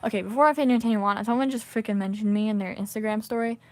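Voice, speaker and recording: Excitable young woman livestreamer. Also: mid-range voice, racing, no room sound. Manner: excitable, chatty. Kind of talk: casual chat while playing a game.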